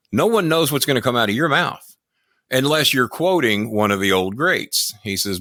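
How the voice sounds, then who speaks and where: Older American man, profane storyteller, low pitch, boastful casual chat. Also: bright, forceful tone, dry recording, clean studio sound. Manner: profane, boastful, rambling anecdotes. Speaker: podcast guest, former wrestling manager.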